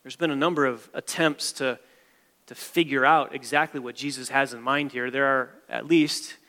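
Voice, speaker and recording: A man's voice: medium pitch, fairly even intonation, moderate pace, sharp tone. Emphatic preaching man in a reverberant hall. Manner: emphatic preaching with repeated phrases and restarts. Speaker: pastor. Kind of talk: sermon.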